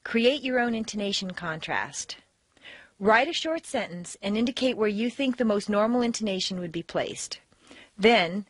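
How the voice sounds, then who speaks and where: An American woman leads an accent-training lesson. Her pitch swings widely as she stretches and stresses words on purpose. The sound is dry and close, with no room around it. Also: no echo. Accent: General American. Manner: clear, deliberate instruction with exaggerated stress demonstrations. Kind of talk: recorded language lesson.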